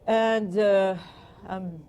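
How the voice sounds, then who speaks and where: An older woman from France with a French accent, chatting in an interview and telling anecdotes with gentle amusement. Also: mid-range voice, fairly even intonation, extremely slow, dull audio, a little hiss or hum. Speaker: guest, performer. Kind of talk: reminiscing interview.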